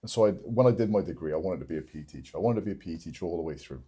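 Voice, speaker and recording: A man's voice: sits low, animated, rapid-fire, warm tone, breathy edge. A man who is a podcast guest, telling stories in a rambling, self-correcting way. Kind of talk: casual storytelling.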